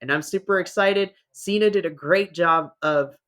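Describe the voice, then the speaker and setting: A podcast co-host chatting casually and enthusiastically about a wrestling show, with quick asides. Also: medium pitch, a bit bright. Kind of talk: casual wrestling review chat.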